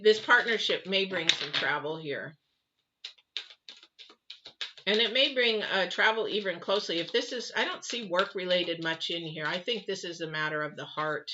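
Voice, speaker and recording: Chatty woman with a bright, dull-sounding voice. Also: mid-range voice, a little hiss or hum. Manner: chatty, rambling, many fillers and restarts. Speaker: tarot reader. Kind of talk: live tarot reading, casual chat.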